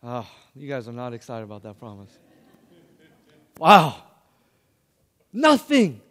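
A young man preaching a sermon, animated and calling on his listeners to answer back. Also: medium pitch, slow pace. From Hispanic background. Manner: animated, calls on the audience to respond. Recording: long hall reverb.

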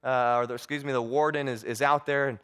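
Smooth-voiced man telling a sermon story. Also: medium pitch, fairly even intonation, quick pace, fairly bright tone. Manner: earnest, repeats words often. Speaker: preacher.

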